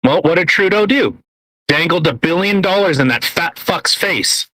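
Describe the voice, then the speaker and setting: Speaking at a moderate pace, this podcast co-host sounds animated, slightly high and sharp, captured in a dry, poor-quality recording. His casual political chatter rambles along with frequent fillers, restarts and blunt profanity, and he eats while talking into his mic.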